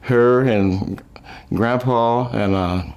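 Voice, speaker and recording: An older man reminiscing about his life, telling rambling, folksy stories with chuckles, trailing off and restarting, and lifting his voice high when he quotes people. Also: drawn-out words, darkish tone, clean tone. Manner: raises his voice high when quoting others. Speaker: musician recalling his life. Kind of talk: rambling storytelling.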